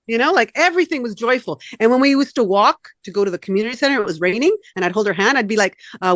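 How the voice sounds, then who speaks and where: A middle-aged woman chatting in a group, telling lively stories and slipping into little sung bits. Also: a little high, very fast, hardly any pauses, no room sound, clean studio sound. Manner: animated storyteller, breaks into sung snippets. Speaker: study group member. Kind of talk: casual group chat on a call.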